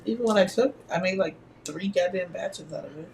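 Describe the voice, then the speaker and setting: A woman from Florida in a casual book club chat with friends, animated, swearing freely and laughing often. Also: fairly low pitch, brisk, gravelly, slight background noise.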